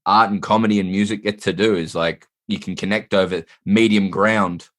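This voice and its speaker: A man from Australia, a comedian guest in casual chat, talking earnestly and haltingly and repeating his words. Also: on the low side, fairly even intonation, fairly bright tone.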